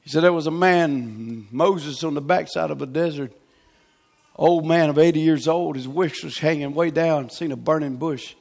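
A man preaching a revival sermon, swinging from shouted exhortation to hushed, near-whispered tenderness. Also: a little high, moderate pace, gravelly.

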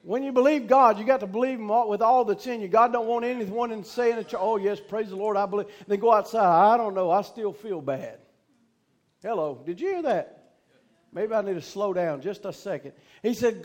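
A man with a strikingly high voice preaches a sermon. He tells his story in a folksy way, then builds to fervent shouts and calls out to the congregation. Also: normal speed.

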